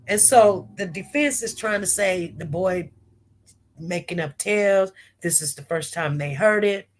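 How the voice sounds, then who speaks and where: Slow-talking woman with a cold. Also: medium pitch, expressive. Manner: chatty, talks straight to viewers and greets the chat. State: has a cold, coughing. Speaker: livestream host. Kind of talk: casual commentary livestream.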